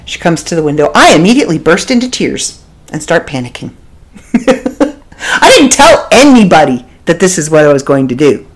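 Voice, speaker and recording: A woman from Canada talks casually into her home studio mic, spinning a story for her podcast. Her voice sits fairly low but rises and falls with wide, expressive swings. She laughs often and slips into the voices of the people she describes. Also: normal speed. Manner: animated, laughs often, acts out quoted voices. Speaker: podcast host.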